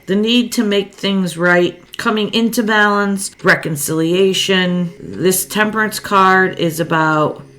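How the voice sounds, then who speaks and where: A woman's voice: mid-range voice, slow pace, few pauses, fairly bright tone. A woman giving a casual spoken tarot reading, chatty and thinking aloud, often laughing as she talks. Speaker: tarot card reader.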